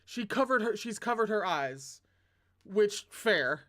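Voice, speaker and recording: A host reading a novel aloud in a steady narrating voice, then breaking into casual, self-mocking commentary. The asides swing high and loud with dramatic reactions. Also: takes it slowly. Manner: dramatic, excitable asides with big pitch jumps; casual, self-deprecating humor. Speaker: read-along host.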